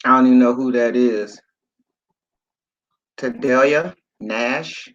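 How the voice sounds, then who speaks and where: A man's voice: medium pitch, slow, a bit bright, dull audio. A man in his late fifties hosting a casual livestream chat, rambling and reading viewer comments aloud with casual swearing. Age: 50s. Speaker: livestream host. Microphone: phone.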